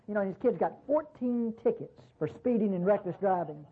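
Husky folksy preacher, tinny recording. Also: male voice, high-pitched, animated, fairly quick, hardly any pauses. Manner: folksy, rhetorical questions, frequent restarts. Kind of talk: sermon.

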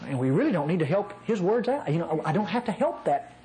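A man's voice: sits high, big pitch swings, fast, dark tone, low-quality recording. A man from North Mississippi with a nasal voice, preaching a conversational sermon in a folksy way, often chuckling at his own asides.

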